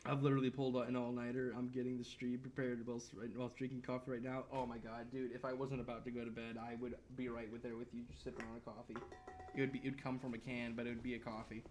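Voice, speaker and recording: A man's voice: mid-range voice, quick pace. Young guy streaming a game, hyped and cussing a lot, rambles nonstop, slight hiss behind. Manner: excitable, swearing, rambling. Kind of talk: live gaming stream chat.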